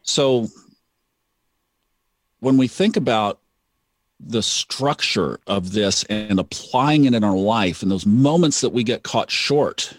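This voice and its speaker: A man's voice: fairly low pitch, takes it slowly, pauses often, no room sound, studio quality. A man talking casually in a podcast conversation, reflective and repeating phrases for emphasis. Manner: reflective, sermon-like repetition.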